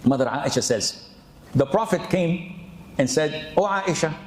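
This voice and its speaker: A man preaching a lively sermon with humorous asides, animated and often saying 'yani'. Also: mid-range voice, unhurried. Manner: animated, mimics people, peppers speech with 'yani'. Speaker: Islamic preacher. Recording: echoey hall.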